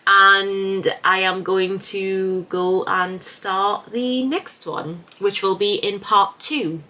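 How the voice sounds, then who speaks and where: A woman chatting casually in a reading vlog, gushing with animated reactions. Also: mid-range voice, slow pace. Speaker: book vlogger.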